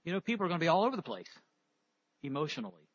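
A man's voice: on the high side, sing-song, rapid-fire, lo-fi sound. A man preaching a sermon, reading scripture aloud and then explaining it with rhetorical questions.

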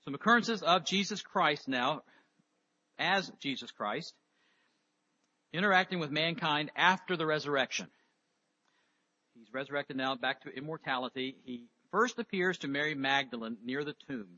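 A man delivers a sermon in a high, bright voice with a husky edge to it. He reads scripture aloud and then explains it, asking questions of his listeners. The recording sounds dull and lo-fi. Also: normal speed, pauses often. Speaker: preacher.

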